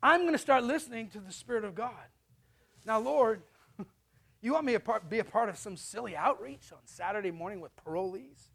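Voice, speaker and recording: A middle-aged man preaching a sermon as a pastor, animated and storytelling, acting out little voices. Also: high voice, a little fast, vocal fry.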